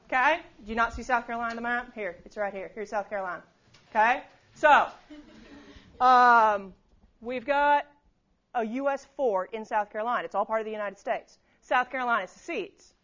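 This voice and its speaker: A woman's voice: mid-range voice, fairly bright tone. A woman giving a conversational history lecture in a classroom, often checking in with the students. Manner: conversational, keeps checking in with "okay?". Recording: slightly dull lo-fi recording.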